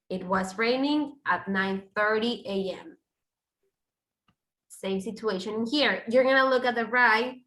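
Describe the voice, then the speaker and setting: Bright-voiced woman teaching English grammar. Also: medium pitch, reverberant, low-quality recording. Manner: explains step by step with examples. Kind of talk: online grammar lesson.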